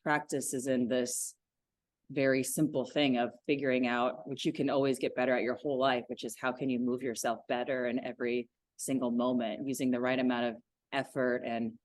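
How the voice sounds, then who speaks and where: A woman in her forties, a yoga teacher, talking about her practice in a casual podcast interview, enthusiastic and quick to laugh. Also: rumbling low, level tone, no echo, clean studio sound. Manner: enthusiastic, laughs easily, thoughtful.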